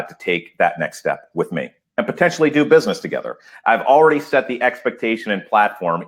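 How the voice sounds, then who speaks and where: A man speaking as a podcast guest, excited and emphatic, laughing often as he talks. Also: fairly low pitch. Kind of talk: enthusiastic podcast interview.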